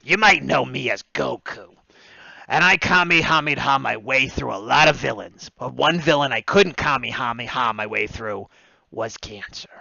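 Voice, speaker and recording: A man's voice: mid-range voice, normal speed, creaky, sharp tone, no echo, exaggerated voice. A man voicing a cartoon hero in a mock-earnest anti-smoking message, over dull lo-fi stream audio. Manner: mock-earnest public service announcement delivery.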